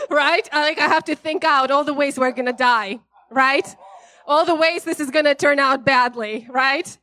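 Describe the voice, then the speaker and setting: High-voiced woman preaching casually. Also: normal speed. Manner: chatty and animated, laughs often, many "right?" tags. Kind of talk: casual, conversational sermon.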